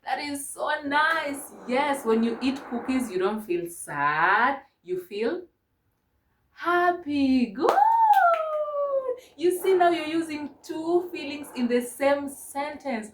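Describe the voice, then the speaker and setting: A woman from Kenya teaching a mock English lesson to a young child, gentle and encouraging, spelling words out slowly. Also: sits high, animated, reverberant, slight background noise. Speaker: online ESL teacher.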